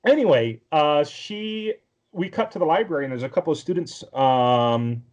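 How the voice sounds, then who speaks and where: On a podcast, a male co-host recaps a cartoon episode in rambling casual chat packed with fillers and restarts. His voice sits on the high side and is a little mellow, with lively intonation and normal speed, heard through lo-fi sound.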